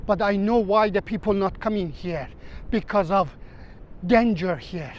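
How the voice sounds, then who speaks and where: High-voiced man, mock-dramatic beach vlog. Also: poor audio. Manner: mock-dramatic, deadpan sarcastic. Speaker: travel vlogger. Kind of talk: sarcastic parody vlog, walking on camera. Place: outdoors on a beach. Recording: faint wind and traffic noise outdoors.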